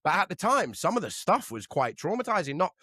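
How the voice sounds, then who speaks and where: A man co-hosting a podcast, trading animated, sweary banter in casual chat. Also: high voice, brisk, slightly rough, no echo, studio quality. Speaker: podcast co-host.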